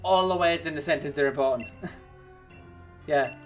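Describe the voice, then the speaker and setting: A streamer talks loosely to their chat while playing, wandering from one thought to the next and breaking into laughter often. The voice sits at an ordinary middle pitch. Faint music plays underneath. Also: normal speed. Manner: rambling and chatty, laughs often. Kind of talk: casual livestream chat while gaming.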